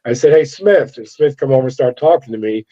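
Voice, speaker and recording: A middle-aged former corrections officer tells a story in an interview, animatedly acting out the voices of the people involved. He speaks fast in a mid-range voice. The sound is dull and lo-fi.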